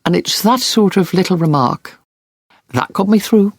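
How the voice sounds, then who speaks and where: A woman's voice: fairly low pitch, lively intonation, moderate pace, no echo. A woman war correspondent earnestly recounting vivid experiences in an interview. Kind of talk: interview storytelling.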